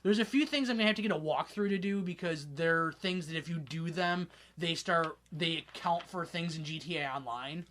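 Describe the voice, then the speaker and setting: A man's voice: fairly high pitch, fairly quick, few pauses, fairly bright tone, a little hiss or hum. A young man hosting a casual gaming podcast, rambling, swearing casually and laughing often. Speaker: podcast host. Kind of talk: casual chat.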